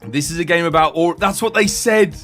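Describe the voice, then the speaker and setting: A young British man chatting casually on a live stream, animated and laughing in exasperated banter. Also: a little high, fairly quick, soft background music. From United Kingdom.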